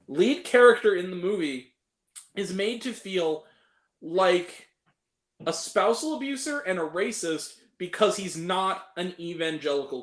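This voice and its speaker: Animated young man ranting about films. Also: high-pitched, reverberant. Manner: animated, ranting, swears freely. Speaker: host. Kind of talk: casual film review chat.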